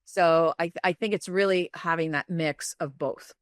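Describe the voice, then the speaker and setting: A woman's voice: on the low side, normal speed, no echo, studio quality. A woman charisma coach as a podcast guest, explaining confidently and acting out little examples. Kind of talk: interview talk, coaching advice.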